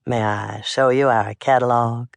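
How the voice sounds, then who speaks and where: A sinister door-to-door salesman with an oily, overly polite pitch, as voiced by a narrator. His voice sits lower than the reader's own, in a storybook reading. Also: steady tone, unhurried, vocal fry, no room sound. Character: smooth-talking sinister male salesman.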